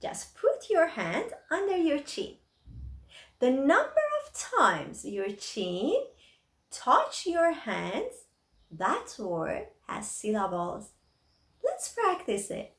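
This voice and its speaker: Woman teaching real slow, every word spelled out, voice going up and down a lot, echoey room. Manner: slow, careful word-by-word delivery with lively pitch. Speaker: English teacher. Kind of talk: slow, drawn-out English lesson.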